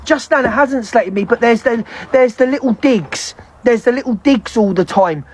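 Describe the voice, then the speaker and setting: A woman's voice: a little high, darkish tone, a little hiss or hum. A woman on a live stream, venting in a heated, profane rant. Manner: heavy swearing, fast heated ranting.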